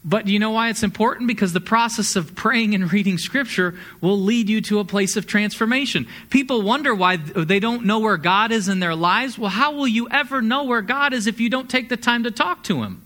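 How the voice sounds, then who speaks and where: A man preaching a sermon, a pastor talking in a conversational, energetic way and asking the congregation questions. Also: high-pitched, fairly quick, few pauses.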